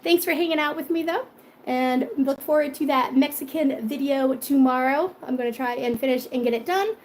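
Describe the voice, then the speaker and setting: A middle-aged woman hosts a cooking live stream in a high, bright-sounding voice. She chats casually, laughs often and answers viewers' comments as she goes. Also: moderate pace, a little hiss or hum. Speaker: cooking channel host.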